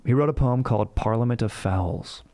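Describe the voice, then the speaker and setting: A man's voice: mid-range voice, moderate pace, dark tone, dry recording. A man hosting a casual comedic history show, rambling and slangy, cursing freely. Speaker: history podcast host.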